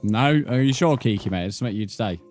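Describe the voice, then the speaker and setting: A man's voice: on the low side, expressive, fast talker, a little mellow, faint music behind. A young man streaming a game live, bantering with his chat, swearing and laughing often. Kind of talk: casual live-stream chat while gaming.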